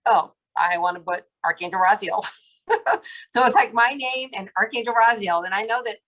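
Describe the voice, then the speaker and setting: A woman's voice: mid-range voice, normal speed, a bit bright. A bubbly, chatty woman in a channeling group, talking casually and speaking flowing light language on a video call.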